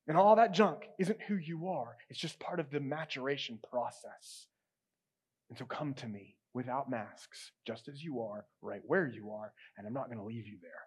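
A man pastor preaching a sermon, conversational and emphatic, often dropping to soft, quiet tones. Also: mid-range voice, moderate pace, slightly rough.

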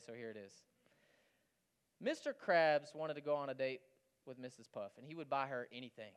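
Animated preaching man, smooth clear voice. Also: mid-range voice. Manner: conversational, animated preaching with frequent "does that make sense?". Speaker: pastor. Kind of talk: sermon.

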